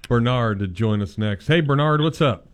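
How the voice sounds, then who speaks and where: A man co-hosting a sports talk show, firing off dry, quick comebacks in casual chat. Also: medium pitch, expressive, slight background noise.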